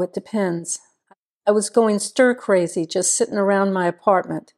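A woman's voice: medium pitch, a little mellow, natural voice. A woman reading the part of an amiable big-city police officer, a grown man, in an audiobook. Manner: amiable, easygoing.

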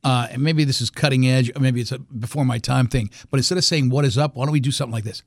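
A man's voice: medium pitch, steady tone, fast talker, vocal fry, no echo, studio quality. Wisecracking radio guy in his fifties. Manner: wisecracking, teasing, profane. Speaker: radio host guest. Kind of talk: casual chat.

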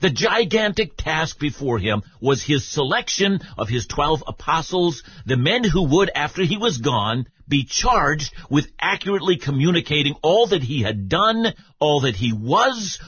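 Man teaching the Bible, lively pitch. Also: husky, dry recording, highs cut off. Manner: measured, explanatory, addresses the listener directly.

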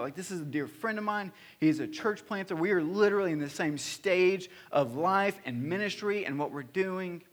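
A pastor in his thirties preaches in a church hall with a voice that sits high, at normal speed and with few pauses. His sermon is earnest personal storytelling, marked by frequent fillers and restarts.

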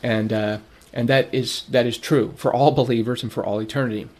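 An earnest man preaches a sermon at a medium pitch, pressing each point by repeating it. He asks rhetorical questions and answers them himself, and his voice rises when he urges the listeners. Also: fairly even intonation, a little fast, a little mellow.

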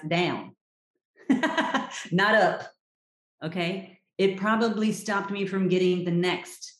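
A woman health coach speaks in a lowish voice with direct, emphatic advice. She talks like a frank coach to listeners. The recording carries a roomy echo. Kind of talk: podcast interview.

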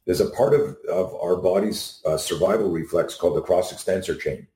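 Low voiced middle-aged guy on a video call, lively storyteller, roomy echo. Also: fairly quick. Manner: animated anecdotes, acts out quotes. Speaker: self-defense instructor, guest. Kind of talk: storytelling in an interview. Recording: echoey room.

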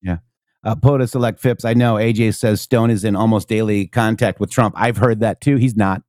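A man's voice: fairly low pitch, fairly even intonation, moderate pace, darkish tone, no room sound, clean studio sound. A man co-hosting a casual political talk stream, talking emphatically with many rhetorical questions. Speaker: co-host.

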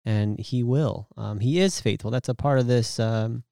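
A man guesting in a casual church podcast chat, gentle and reassuring, with repetitions. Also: mid-range voice, moderate pace, creaky, no room sound, studio quality.

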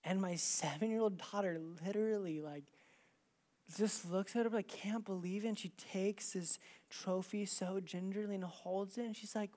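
In a sermon, a male pastor tells a personal story in a high-sitting, steady voice at a moderate pace. He swings from hushed, near-whispered moments to loud, intense emphasis, talking casually and saying "like" a lot.

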